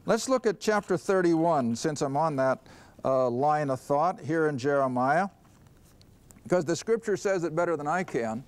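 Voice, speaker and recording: A man's voice: fairly high pitch, lively intonation, unhurried. A man teaching a Bible study lesson, reading scripture aloud and putting earnest questions to his class. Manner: stresses words and reads scripture aloud.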